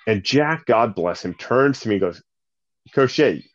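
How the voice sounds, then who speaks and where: Man, late 30s, coach, animated storyteller, lowish pitch, dull lo-fi recording. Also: moderate pace. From Canada. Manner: animated, lots of fillers, acts out quotes. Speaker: basketball coach and nonprofit leader. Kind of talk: conversational storytelling. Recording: slightly muffled sound.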